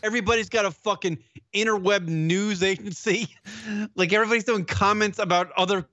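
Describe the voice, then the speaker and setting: This podcast co-host has a high voice and a brisk delivery, recorded dry with the highs cut off. He rants and swears often in animated, casual banter while co-hosting a call-in internet radio show.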